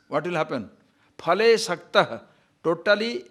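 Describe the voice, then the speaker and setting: Guy teaching scripture, lively up and down voice, bit high, acts stuff out, goes loud then real quiet. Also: measured pace, long pauses. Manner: animated, swings from loud to hushed, acts out examples, chants Sanskrit. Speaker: spiritual teacher. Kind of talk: scripture lecture.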